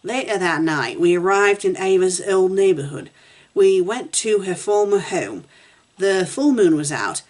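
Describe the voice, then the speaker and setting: A woman's voice: lowish voice, lively intonation, a little slow, a little mellow. A woman reviewing fan fiction, reading a story aloud with wry, giggly asides.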